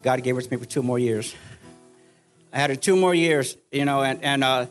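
An older man giving an earnest church testimony, halting and repeating himself, with faint music behind. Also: mid-range voice. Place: church service.

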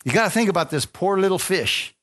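A male pastor preaching a lively sermon, retelling a Bible story playfully and often asking his congregation for an amen. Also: high voice, fairly quick. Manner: excitable, playful storytelling with call-and-response.

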